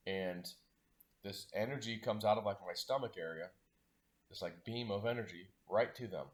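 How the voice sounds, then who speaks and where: A man's voice: lowish voice, moderate pace. A man telling a long personal story in a loose, rambling way, full of "like" and "you know". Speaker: spiritual vlogger. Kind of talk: casual storytelling monologue.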